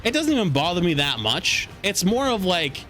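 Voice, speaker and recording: A man's voice: high-pitched, big pitch swings, moderate pace, sharp tone, faint music behind. A male streamer telling a story in a heated, profane, casual way.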